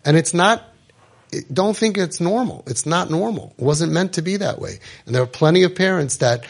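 A man's voice: a little high, lively intonation, normal speed, creaky. A man speaking with fervor to a roomful of parents, urging and scolding in a preachy, emphatic way and sprinkling in Hebrew and Yiddish terms. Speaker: parenting coach and podcast host. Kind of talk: impassioned talk to a live group.

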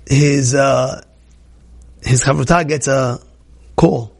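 A young man telling a religious story to a class, excitable, repeating words and acting out the people he quotes. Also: medium pitch, drawn-out words, vocal fry, pauses often, slightly rough. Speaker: Torah teacher.

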